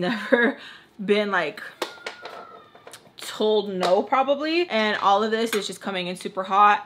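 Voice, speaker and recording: Woman, young adult, chatty storytime, bright voice, lots of "like". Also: medium pitch. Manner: chatty, acts out other people's lines; heavy use of "like". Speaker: YouTuber telling a story. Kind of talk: casual storytime while doing makeup.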